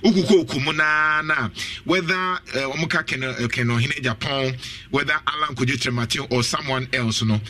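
A man's voice: medium pitch, a little fast, sharp tone. A Ghanaian man with a Ghanaian accent hosting a radio interview, reading out poll figures and questioning his guest. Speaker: radio host. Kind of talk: radio interview, mixing Twi and English.

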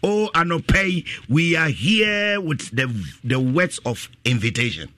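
A man preaching on the radio, repeating scripture lines after a reader and rising to shouted appeals. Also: on the high side, big pitch swings, unhurried, no room sound. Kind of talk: call-and-response Bible preaching.

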